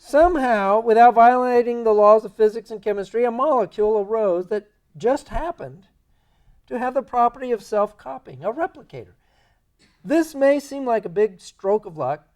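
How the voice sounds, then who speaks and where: A man giving a creation science lecture in a church, animated and sarcastic in his asides. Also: very high-pitched, normal speed. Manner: animated, sarcastic asides, mocking quoted voices. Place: church sanctuary.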